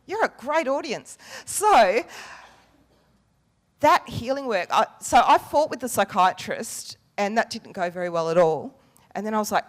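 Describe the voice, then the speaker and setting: A woman's voice: mid-range voice, normal speed, long reverb tail. A woman giving a candid personal talk to a conference audience, frank and self-mocking, swearing casually and laughing often. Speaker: conference workshop speaker. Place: conference room before a live audience.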